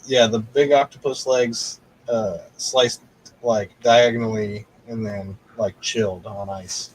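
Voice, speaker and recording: A man's voice: on the low side, steady tone, slow pace, slight background noise, rough recording. A man telling a rambling story in casual chat, swearing constantly and laughing a lot.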